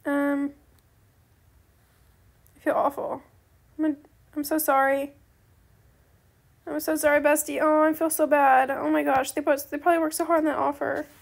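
A woman's voice: sits high, gravelly. A woman chatting casually while playing a game, rambling and peppering her talk with slang like bestie and slay, often apologizing and gushing at other players. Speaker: gaming video creator.

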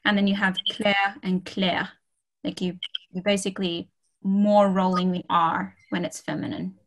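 A woman's voice: lowish voice, flat delivery, normal speed, poor audio. A woman teaching a beginners' French lesson over a video call, in a casual, friendly way with many ums and okays. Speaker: French tutor. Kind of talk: casual online language lesson.

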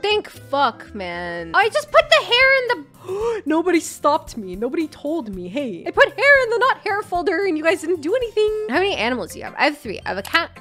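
A young woman streamer talks over a game in casual, profane commentary, swinging from loud outbursts to muttered asides. Her voice sits high and swoops all over. Faint music plays behind her. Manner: swearing, joking, jumps between loud and mumbled. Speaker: gaming streamer.

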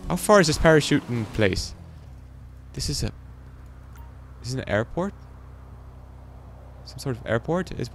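Low-voiced man rambling over gameplay. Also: slight background noise. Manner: rambling, joking, talks to himself. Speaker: gaming channel host. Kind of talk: let's play commentary.

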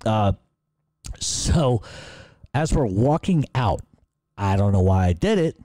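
A man's voice: lowish voice, very animated, slow, dark tone, no echo. A middle-aged man hosting a podcast, answering listener questions in casual, profane, rambling storytelling. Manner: profane, rambling, laughs at own stories.

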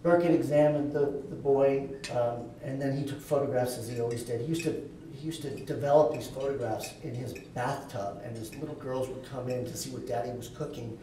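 A man's voice: mid-range voice, steady tone, brisk, few pauses, dark tone, a little hiss or hum. A man giving a keynote talk at a dinner event, telling a long anecdotal story with touches of light humor. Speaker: keynote speaker. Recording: echoey hall, voice from far off.

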